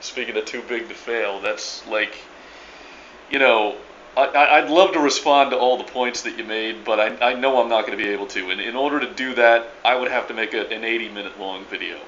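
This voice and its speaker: A man's voice: medium pitch, brisk, fairly bright tone, lo-fi sound, slight background noise. Emphatic stammering New Orleans man. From New Orleans area. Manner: emphatic, stammering restarts, swears casually. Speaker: video blogger. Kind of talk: casual video reply.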